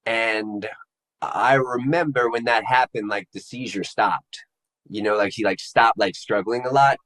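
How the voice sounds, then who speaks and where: A man with a fairly low voice recounts a personal experience to an interviewer. His delivery is conversational and halting, and he pauses and restarts as he searches for the right words. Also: steady tone, a bit bright, low-quality recording. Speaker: interview guest. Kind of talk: personal testimony in casual conversation.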